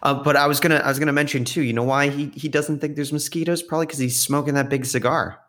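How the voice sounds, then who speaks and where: A man's voice: a little high, steady tone, quick pace, a bit bright. A man co-hosting a podcast in casual chat, laid-back with dry quips. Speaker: podcast co-host.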